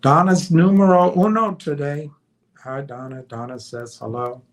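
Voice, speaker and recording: A man hosting a livestream in a casual chat, reading out viewer comments with many fillers and trailing pauses. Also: fairly high pitch, steady tone. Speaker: livestream host.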